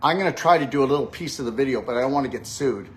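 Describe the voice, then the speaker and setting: A man's voice: mid-range voice, very fast. An older man hosting a live-stream chat with a guest, talking in an upbeat, coaching way and often checking in with "okay? all right?". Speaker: host and health practitioner.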